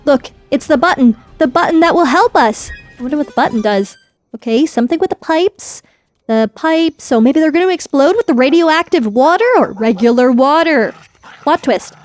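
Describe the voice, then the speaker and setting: A woman's voice: high voice, lively intonation, normal speed, a little mellow, soft background music. A woman giving playful, chatty, jokey commentary while playing a video game. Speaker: gaming YouTuber. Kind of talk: casual let's-play commentary.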